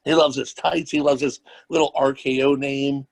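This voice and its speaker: A man's voice: medium pitch, flat delivery, normal speed, creaky. A man co-hosting a casual wrestling podcast, joking and teasing the others. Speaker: podcast co-host.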